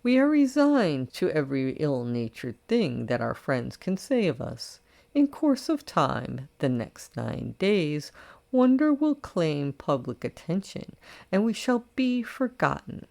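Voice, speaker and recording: A woman's voice: sits low, sing-song, measured pace, vocal fry, darkish tone, exaggerated voice. A woman reading an audiobook, voicing a wealthy older woman who answers her critics in a dry, self-assured and cutting way. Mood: sardonic.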